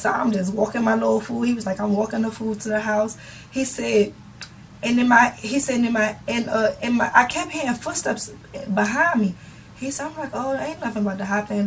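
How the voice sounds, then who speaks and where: A young woman YouTuber telling a storytime vlog, retelling a conversation in an animated way and often breaking into laughter. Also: a little high, far from the mic, slight background noise, rough recording.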